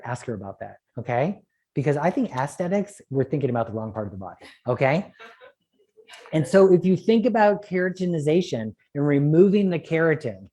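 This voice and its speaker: A man lecturing on eye treatments at a conference, animated and joking, with quick asides. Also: fairly high pitch. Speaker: optometrist lecturer.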